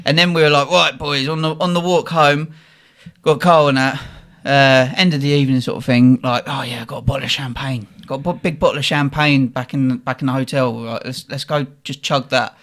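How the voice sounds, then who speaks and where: A man's voice: medium pitch, fairly even intonation, brisk, fairly bright tone. A young man, a podcast host telling a story in a casual, slangy way and laughing often.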